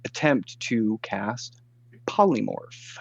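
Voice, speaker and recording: A man's voice: fairly low pitch, expressive, takes it slowly, creaky, dull audio. A man playing a tabletop game, casually describing his turn and reading the rules aloud at length, with fillers. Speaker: player.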